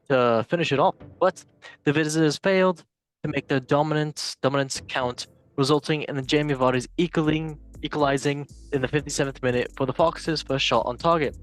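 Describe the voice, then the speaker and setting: A young man hosting a football show, reading news headlines and joking around in a casual chat. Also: fairly high pitch. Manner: playful, joking, reads headlines then riffs. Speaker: show host.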